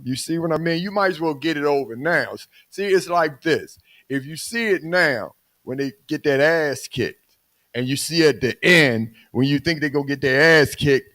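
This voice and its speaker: An older man with a Baltimore accent co-hosting a podcast, talking in an animated, preachy way with some teasing. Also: fairly high pitch, no echo. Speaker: podcast co-host. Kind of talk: casual chat.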